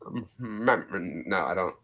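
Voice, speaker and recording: A playful man chatting on a live stream, his voice bright and lively, jumping around in pitch as he jokes. He talks loosely and casually. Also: takes it slowly, dull audio. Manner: joking, playful. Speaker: live stream host and voice mimic. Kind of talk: casual chat.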